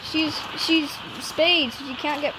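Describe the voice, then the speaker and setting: A woman rambling through casual game commentary, getting excited, shrieking at the game and scolding her dogs. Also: high-pitched, slow. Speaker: gaming channel host. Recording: loud background noise. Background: dogs nearby.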